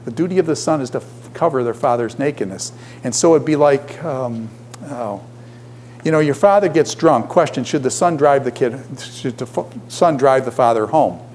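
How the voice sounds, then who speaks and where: A man's voice: medium pitch, lively intonation, moderate pace, a little mellow, slight background noise. A middle-aged man teaching a class, lecturing and constantly posing questions to his students. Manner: poses frequent questions to the class.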